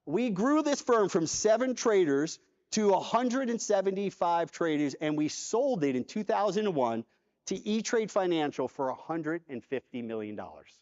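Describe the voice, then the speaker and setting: A man giving a conference keynote talk, telling a personal story in an animated way and acting out the dialogue. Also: high voice, normal speed. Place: large convention hall. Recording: dull hall reverb from a conference stage.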